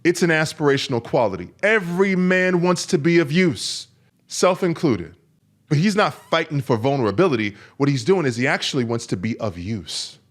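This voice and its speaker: A man's voice: fairly high pitch, sing-song, moderate pace. A man hosting a podcast, coaching other men in an emphatic, repetitive monologue. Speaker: men's coach and podcast host.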